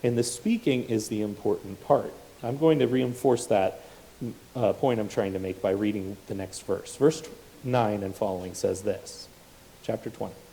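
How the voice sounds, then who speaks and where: Mellow-voiced man preaching a sermon. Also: on the low side, moderate pace, vocal fry, slight background noise, low-quality recording. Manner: unscripted asides and self-corrections while teaching from scripture.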